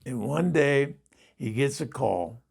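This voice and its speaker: Gravelly husky male storyteller. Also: mid-range voice, lively intonation, a little mellow. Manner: chuckling, halting with fillers. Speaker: storyteller host. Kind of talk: casual spoken storytelling.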